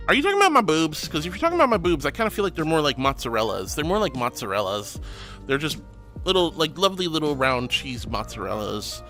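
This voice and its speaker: A man's voice: sits high, pushed and bright. A man streaming live in a casual, gushing and affectionate way, reading chat aloud and greeting viewers with giggles.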